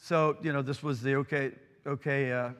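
A middle-aged male pastor delivers a sermon at an ordinary pitch, moving between emphatic, rising declarations and quiet, intimate storytelling. His voice rings with long reverb in a large church sanctuary. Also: steady tone, moderate pace. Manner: earnest, swings from emphatic to hushed storytelling.

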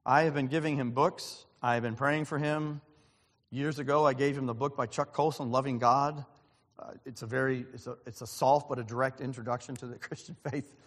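A man's voice: mid-range voice, steady tone, fairly quick. Man preaching in a reverberant hall. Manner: earnest, storytelling, quotes others in conversation. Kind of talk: sermon with personal story. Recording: long reverb of a large hall.

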